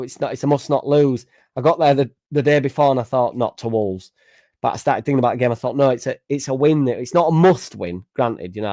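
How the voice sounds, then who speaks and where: Young male fan-channel host; excitable, rambling banter with plenty of swearing. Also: mid-range voice. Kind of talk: casual live-stream chat reading viewer comments.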